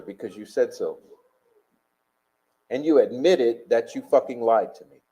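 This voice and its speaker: A man with a dark, mellow voice hosts a live stream in a casual way. He talks to his chat bluntly and combatively, with plenty of swearing. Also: medium pitch, unhurried, pauses often, low-quality recording.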